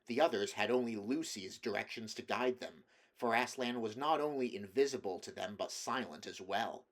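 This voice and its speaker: A man reading a novel aloud at a measured pace, with small slips and restarts. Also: on the low side. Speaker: audiobook reader.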